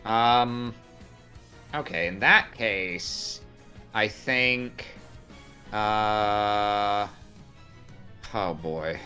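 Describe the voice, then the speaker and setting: A man's voice: lowish voice, extremely slow, pauses often, bright, forceful tone, faint music behind. A man playing a tabletop game, thinking aloud about his turn and muttering in frustration. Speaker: player. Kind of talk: casual chat at a tabletop game.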